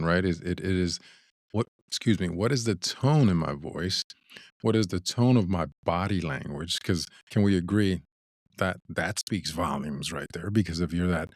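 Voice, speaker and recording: Deep-voiced man hosting a talk show. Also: no echo, studio quality. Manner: thoughtful, many restarts and repeated words. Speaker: podcast host. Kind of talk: casual discussion.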